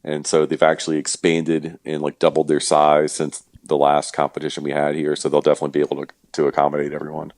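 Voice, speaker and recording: A man being interviewed as an event organizer, talking in a relaxed, joking way with lots of fillers. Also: very deep voice, fast, few pauses, no room sound. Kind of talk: casual podcast interview.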